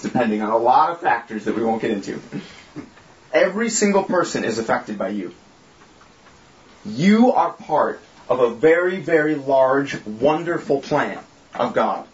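A man's voice: medium pitch, slight background noise. A man leading a small group with an informal, joking yet earnest sermon and prayer. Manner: casual, joking, earnest preaching. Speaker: group leader and preacher. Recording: echoey room, slightly dull sound.

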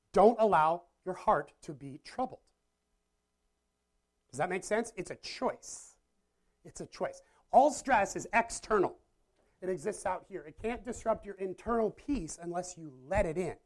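A pastor giving a casual, conversational sermon to a live audience, often checking in with listeners and joking at their own expense. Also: medium pitch. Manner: chatty, self-deprecating, asks the audience questions. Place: church or meeting room with a live audience.

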